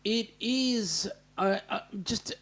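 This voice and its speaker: A man's voice: high voice, slow, a bit bright. A man with an Australian accent hosting a casual livestream, reading out and answering viewer comments. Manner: reads viewer comments aloud, greets chatters by name. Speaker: livestream host.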